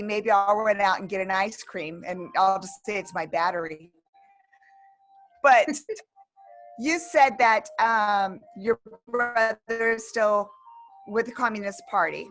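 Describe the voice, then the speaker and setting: A woman's voice: mid-range voice, a bit bright. Woman interviewer, faint music behind. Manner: apologetic, probing questions. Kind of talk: conversational interview.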